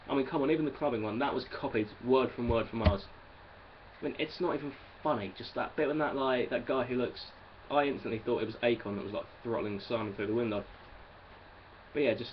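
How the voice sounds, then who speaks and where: A young Englishman rants to camera in an exasperated, rambling way, swearing freely as he goes. His voice sits at a middling pitch. The recording is a touch muffled, with a faint hiss underneath. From England. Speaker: vlogger. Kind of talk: ranting monologue.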